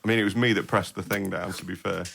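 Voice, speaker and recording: A man's voice: low voice, steady tone, fast talker, vocal fry, bright, forceful tone. A man, a guest singer and guitarist on a podcast, talking in a laid-back, modest way. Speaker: guest musician. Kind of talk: casual chat.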